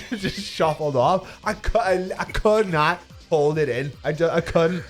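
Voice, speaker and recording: A young Northern Irish man with a slightly high voice tells a rambling, sweary story, laughing through it as he goes. He co-hosts a casual live talk show, and faint music plays behind him. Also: moderate pace, hardly any pauses. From Northern Ireland.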